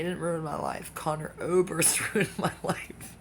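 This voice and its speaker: A speaker delivering a rambling comic monologue that jumps between topics, with excitable outbursts and sudden drops into whispers. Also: medium pitch, moderate pace, creaky, a little hiss or hum.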